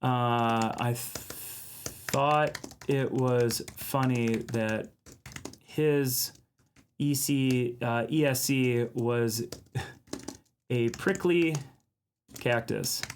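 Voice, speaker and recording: A man's voice: mid-range voice, very slow, pauses often, slight background noise. A man from Minnesota hosting a casual art live stream, chatting and laughing with viewers while he draws. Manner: chatty, laughs often, reads chat aloud.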